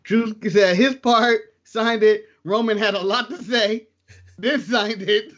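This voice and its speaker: A man's voice: sits high, slow pace, fairly bright tone, muffled recording. A man co-hosting a casual wrestling podcast, joking around and laughing often. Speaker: podcast co-host.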